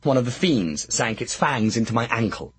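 A man's voice: mid-range voice, lively intonation, moderate pace, a bit bright, slightly rough, dry recording. A man narrating an audiobook with a wry, dry comic delivery, close to the mic.

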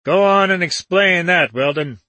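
A man's voice: high-pitched, unhurried, bright, forceful tone, dry recording, pitched above the performer's own voice. A man voicing an irritable, dyspeptic little older man who snaps out indignant questions.

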